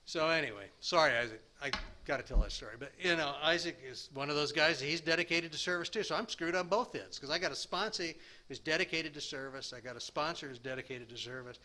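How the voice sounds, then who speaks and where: A man in his sixties sharing his recovery story at a meeting, rambling and self-deprecating, with halting restarts. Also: fairly high pitch, pushed and bright, slight background noise. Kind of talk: personal recovery share.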